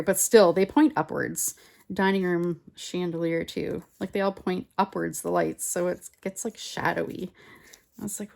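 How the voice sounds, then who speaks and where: Woman crafting at home, casual rambling chat, slightly deep with a touch of vocal fry. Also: fairly even intonation, normal speed. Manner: chatty and rambling, mutters softly to herself while working. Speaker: collage artist. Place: home craft table, indoors. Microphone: phone on a mount.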